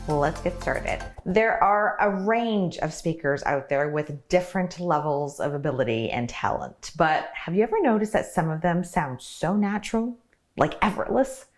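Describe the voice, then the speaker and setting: Low-voiced woman speaking coach, deliberate, punches key words, faint music behind. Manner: clear, deliberate delivery with emphasized words. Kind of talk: coaching tutorial to camera.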